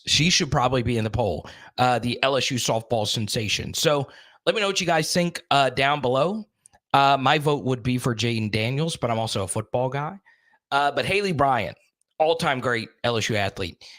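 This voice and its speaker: A young adult man hosting a casual sports live stream, chatty and energetic, greeting viewers by name as he talks. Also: mid-range voice, dry recording.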